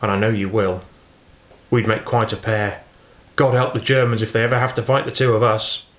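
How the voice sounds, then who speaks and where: A man's voice: fairly low pitch, little pitch movement, normal speed, a bit bright, natural voice. A man voicing an eager, affectionate fifteen-year-old farm boy in an audiobook reading. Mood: wistful. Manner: earnest, affectionate, chatty. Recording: roomy echo.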